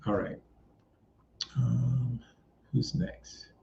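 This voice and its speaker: A man reading cards for viewers in a casual live stream, talking slowly with many pauses. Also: medium pitch, level tone, vocal fry, mellow. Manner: slow, drawn-out delivery with frequent pauses. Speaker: psychic medium doing card readings. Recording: dull lo-fi sound with faint noise.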